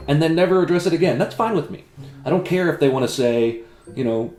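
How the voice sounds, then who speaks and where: A man's voice: on the high side, lively intonation, fairly quick, a little mellow, echoey room, faint music behind. Dry, sarcastic man critiquing. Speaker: comedy video creator. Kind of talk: comedic self-debate sketch.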